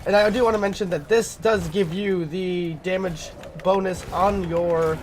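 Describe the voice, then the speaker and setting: A man commentating his own gameplay in a casual, rambling way, full of fillers and throat-clearing because he is sick. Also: sits high, steady tone, unhurried, slight background noise. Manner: rambling, filler-heavy, thinking aloud.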